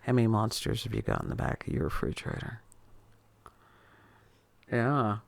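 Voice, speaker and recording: A woman's voice: a bass voice, very animated, normal speed, creaky, no echo. A woman hosting a casual podcast chat, folksy and rambling, often repeating words. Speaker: podcast host.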